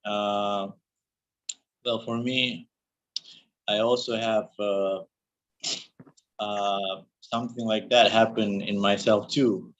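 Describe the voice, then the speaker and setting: Man, english class student, halting speech, lots of restarts, dull lo-fi call sound. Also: lowish voice, steady tone. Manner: halting, searches for words, many restarts. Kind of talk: speaking practice in an online class.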